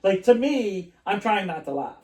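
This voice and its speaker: A man's voice: sits high, expressive, moderate pace, darkish tone. Man, podcast host, casual rambling storyteller, frequent laughs, echoey room. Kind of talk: casual chat. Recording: echoey room, mic at a distance.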